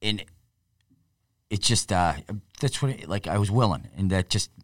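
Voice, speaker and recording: A man's voice: lowish voice, lively intonation, normal speed, no room sound, clean studio sound. A man hosting a casual chat, speaking reflectively and trailing off as he thinks.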